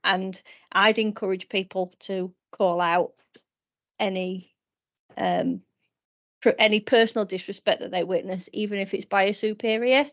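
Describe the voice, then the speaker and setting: Hesitant woman on a lo-fi call. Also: mid-range voice. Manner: hesitant, many ums and restarts. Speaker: panelist. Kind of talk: casual video-call discussion. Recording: dull lo-fi video-call audio.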